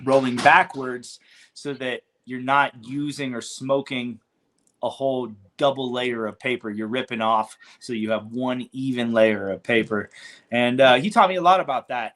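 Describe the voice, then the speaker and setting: Speaking at a moderate pace in a medium-pitched, slightly bright voice, a man in his forties from California swaps stories as a podcast guest. He's a cannabis business founder, and his casual interview chatter is slangy and relaxed, peppered with fillers and offhand cursing.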